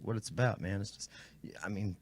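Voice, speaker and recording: Deep-voiced laid-back podcast host. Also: male voice, a little fast. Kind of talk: casual chat.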